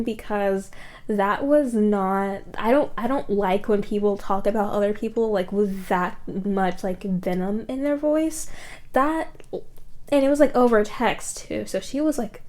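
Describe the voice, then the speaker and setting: A woman's voice: medium pitch, measured pace, darkish tone. A woman vlogger telling a story in a casual, rambling way, full of "like" fillers and blunt swearing.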